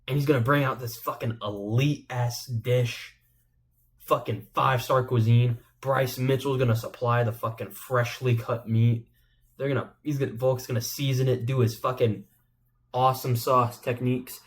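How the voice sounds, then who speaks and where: A man's voice: medium pitch, fairly even intonation, normal speed. A man giving rambling, profane, joking commentary as a channel host. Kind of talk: casual comedic commentary.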